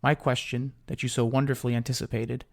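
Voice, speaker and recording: A man's voice: medium pitch, little pitch movement, fast talker, lightly acted. A man voicing a formal, precise traveller who questions a stranger in a story. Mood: probing.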